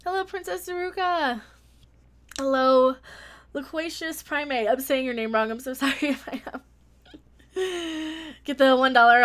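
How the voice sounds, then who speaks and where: A woman hosts her own YouTube livestream in casual conversation, chatty and free-flowing, often restarting her sentences and warmly thanking viewers by name. Her voice sits high and sing-song, at a normal speed with a clean tone.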